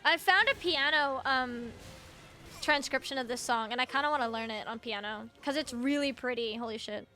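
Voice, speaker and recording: A young woman streaming a game, chatting casually and excitedly with her viewers, laughing and swearing freely. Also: sits high, normal speed, faint music behind. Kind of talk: casual live-stream chat.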